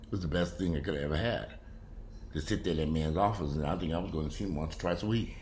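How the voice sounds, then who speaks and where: A man's voice: a bass voice, fast, darkish tone, slight background noise. A man vlogging from home in casual commentary, blunt and profane. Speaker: vlogger commenting on a news story.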